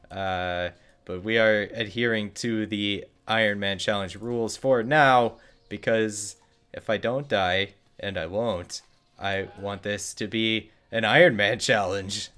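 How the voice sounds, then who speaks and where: A man's voice: lowish voice, fairly bright tone, clear, resonant tone. A man streaming a video game live, chatting in a rambling, playful, self-mocking way. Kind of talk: live-streamed gameplay chat.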